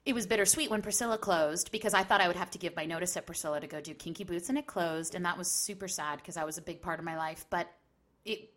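A woman guest on a talk podcast, telling her stories in a chatty, lively way. Her voice sits somewhat low. She speaks casually. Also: quick pace. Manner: chatty, animated storyteller. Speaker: guest actress. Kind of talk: casual interview chat.

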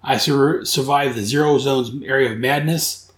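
A man doing a calm, dry antihero. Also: medium pitch, moderate pace, reverberant, close to an everyday voice. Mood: unbothered.

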